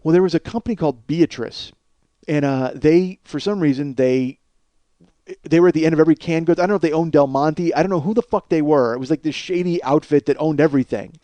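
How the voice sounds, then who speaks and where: A podcast host speaks at a quick clip in a fairly high, mellow voice with no echo. Working from his home studio at night, he drifts through a long, foul-mouthed, offhand story stuffed with filler.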